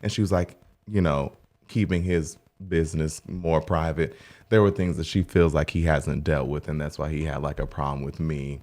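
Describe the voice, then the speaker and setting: A young man co-hosting a podcast, telling a story in a rambling way with lots of "like", and jumping into high mock voices when he quotes people. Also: steady tone, normal speed, a little mellow. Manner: rambling retelling with many "like" fillers. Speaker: podcast co-host and hair stylist. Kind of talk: casual storytelling chat.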